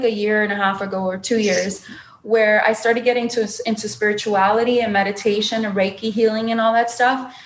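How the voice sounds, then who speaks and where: An emotional, animated young woman tells her life story as a podcast guest. Her voice sits fairly high. The recording has a noticeably roomy, echoey sound. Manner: emotional, animated storyteller who acts out quotes. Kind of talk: personal storytelling in an interview.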